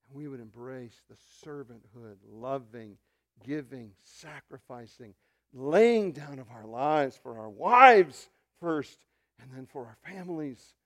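This pastor's sermon comes in a mid-range voice at an unhurried pace. He sinks to hushed murmurs, then climbs into loud, animated preaching, tossing joking asides to the congregation along the way.

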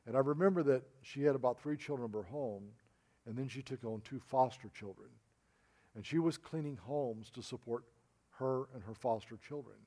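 A middle-aged man preaching a sermon, telling personal stories and calling his listeners folks, dropping softer when he quotes people. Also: mid-range voice, normal speed. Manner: storytelling, addresses listeners as folks, drops to a soft voice for quoted lines.

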